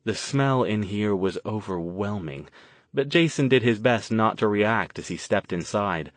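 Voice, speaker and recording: A man narrating an audiobook in a steady, even storytelling manner. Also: on the low side, a little slow, no room sound. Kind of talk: scripted narration.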